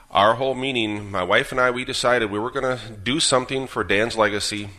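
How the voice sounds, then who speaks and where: A man in his fifties from Minnesota, a father telling his story as a guest on a radio show, earnest and steady with some fillers. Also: fairly low pitch. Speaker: guest, Gold Star father. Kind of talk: radio interview, personal story.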